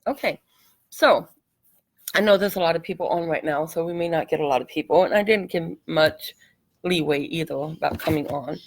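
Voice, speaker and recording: A woman's voice: low voice, normal speed. A middle-aged woman hosting a casual craft tutorial livestream, chatty and apologetic, a bit out of breath and coughing from allergies. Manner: chatty, apologetic, laughs easily.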